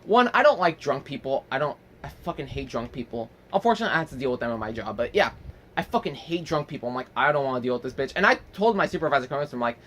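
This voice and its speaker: A man's voice: medium pitch, quick pace, slight background noise. A young man telling a rambling story as a casual vlog, swearing freely and acting out the people in it. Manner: animated, rambling with fillers. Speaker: vlogger.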